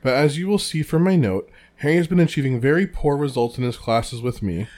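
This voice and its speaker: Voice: medium pitch, brisk, a little mellow, lightly acted. A sugary middle-aged woman official who simpers, read by a podcast co-host. Every line comes out in honeyed, falsely polite tones, sweet on the surface and condescending underneath. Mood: saccharine. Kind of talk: reading a novel aloud on a podcast.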